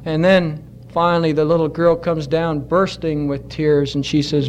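A man with a fairly high voice preaches a Sunday sermon in church. He urges his congregation earnestly and slows down to drive each point home. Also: flat delivery. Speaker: pastor.

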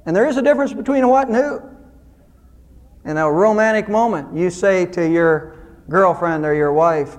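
A man preaching a sermon as pastor, earnest, rising to loud emphasis and dropping to soft low asides. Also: moderate pace, in a large hall.

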